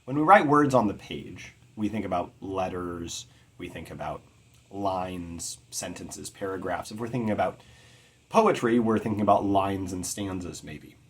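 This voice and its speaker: Earnest man lecturing on poetry, husky voice. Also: low voice. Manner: measured, earnest, stresses words carefully. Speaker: poetry teacher. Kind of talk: lecture on poetic meter.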